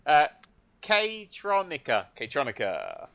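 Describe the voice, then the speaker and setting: Guy cracking jokes over a game, higher voice, keeps laughing. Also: huge pitch swings, slow, gravelly, highs cut off. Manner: joking, teasing, laughs a lot. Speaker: guest. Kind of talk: casual chat while gaming live.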